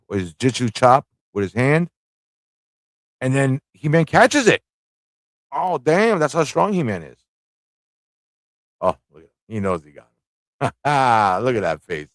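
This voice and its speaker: A man hosting a live comic review stream, excitable, laughing and slangy as he reacts. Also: medium pitch, no room sound, clean studio sound. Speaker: host.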